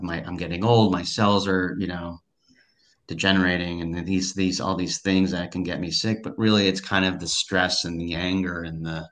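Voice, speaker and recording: A man's voice: sits low, a bit bright. A man speaking as an interview guest, reflective and rambling with many fillers. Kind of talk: casual interview chat.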